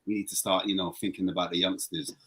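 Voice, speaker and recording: A man talking as a football fan guest on a casual podcast, animated and excitable, his voice jumping higher when worked up. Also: fast talker, husky.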